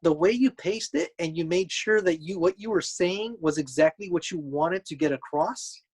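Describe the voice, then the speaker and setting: A young man co-hosting a podcast in casual chat, easygoing and quick to laugh, explaining his points at length. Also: a little high, a little mellow, slightly rough, rough recording. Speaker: podcast co-host.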